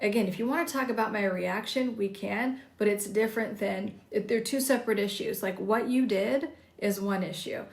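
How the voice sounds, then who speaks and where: A woman's voice: mid-range voice, moderate pace, gravelly. A woman psychology coach giving direct, conversational advice on a livestream, with many casual fillers. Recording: roomy echo.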